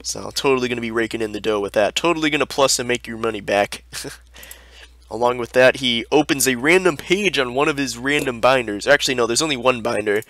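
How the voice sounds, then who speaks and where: A man's voice: medium pitch, fairly quick, fairly bright tone, no echo. A young man giving sarcastic, exasperated commentary as a video host, ranting over screen listings. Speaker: YouTube host reviewing card listings.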